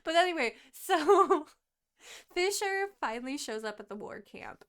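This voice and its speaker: A young woman recaps a book for a podcast, her voice sitting a little high. She talks in a casual, animated way, laughs often, swears freely and slips into quick quoted lines for the characters. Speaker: podcast co-host.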